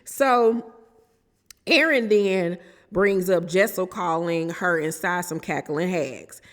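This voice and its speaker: A sassy, animated woman with recaps reality TV in casual commentary and laughs often. Her voice sits fairly low, and a long reverb trails behind her words. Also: slow pace.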